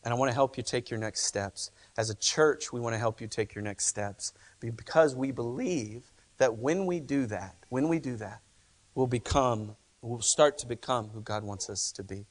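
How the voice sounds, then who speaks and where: A man's voice: mid-range voice, moderate pace. Emphatic male pastor preaching a sermon. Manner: conversational, emphatic preaching with repeated phrases. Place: church.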